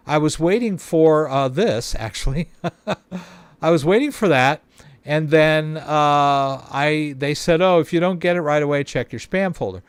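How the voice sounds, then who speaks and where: A man's voice: on the high side, clean tone, no room sound. A man hosting a casual walkthrough, chatty and explanatory, often checking in with the listener. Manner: chatty, explains with frequent tag questions. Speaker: host. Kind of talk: casual screen-share walkthrough.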